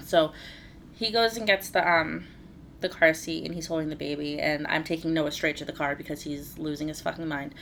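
A woman's voice: sits low, steady tone, fast talker, fairly bright tone, a little hiss or hum. A woman in her thirties, co-hosting a podcast, telling a story in casual chat with laughs and swearing. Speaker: podcast co-host.

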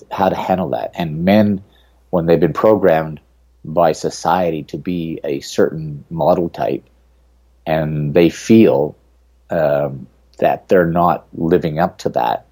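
A man's voice: deep voice, fairly even intonation, slow, dark tone. A middle-aged man, an author and guest, speaking earnestly and reflectively in an interview. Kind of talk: podcast interview.

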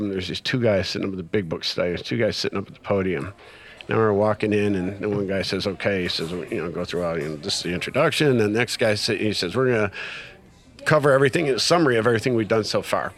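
A middle-aged man telling a personal story in casual conversation, acting out quoted dialogue with lots of fillers. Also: on the low side. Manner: animated retelling with quoted dialogue, many fillers. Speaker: guest sharing recovery story.

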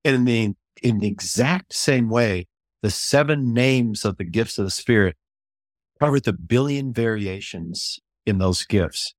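Older man, low-pitched, interview guest, lively storyteller, repeats and restarts words, dry close sound. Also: a little slow, dry recording. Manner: animated storyteller, restarts phrases, acts out quotes in a raised voice. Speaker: author and ministry leader, guest.

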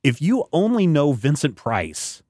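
A man hosting a podcast in casual chat, rambling and halting with many fillers. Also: fairly high pitch, huge pitch swings, darkish tone, no echo, clean studio sound. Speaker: podcast host.

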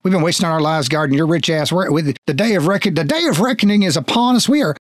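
A man's voice: fairly high pitch, animated, quick pace, no echo, studio quality, natural voice. A man voicing a nervous, over-polite male guard who keeps saying sir. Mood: flustered.

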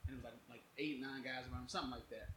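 A young man telling a story on a podcast in an animated way, laughing as he goes. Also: medium pitch, very fast, roomy sound, a little hiss or hum, low-quality recording. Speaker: podcast co-host. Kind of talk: casual chat.

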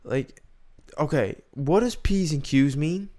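A man's voice: fairly high pitch, takes it slowly, darkish tone. A young man co-hosting a podcast, chatting casually and rambling as he thinks aloud. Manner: rambling, restarts and muses aloud. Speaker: podcast co-host. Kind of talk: casual chat.

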